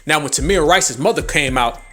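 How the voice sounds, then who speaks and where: A man's voice: fairly high pitch, a little fast, bright, forceful tone, faint music behind. Angry, profane man hosting a podcast. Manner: angry, profane, mocking, with sarcastic mimicry. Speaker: podcast host. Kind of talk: heated political commentary.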